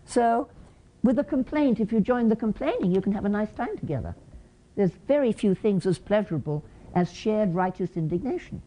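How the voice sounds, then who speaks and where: Mellow English woman lecturing. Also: mid-range voice, lively intonation, moderate pace. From England. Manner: questions the audience and acts out examples. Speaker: conference presenter. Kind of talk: conference lecture.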